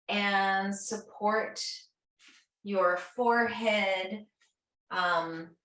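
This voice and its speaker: A woman leads a restorative yoga class at an unhurried pace, her gentle, soothing cues drifting through slow breath counts. Her voice sits a little back from the mic, and the room adds a roomy echo. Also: mid-range voice, far from the mic. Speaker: yoga teacher.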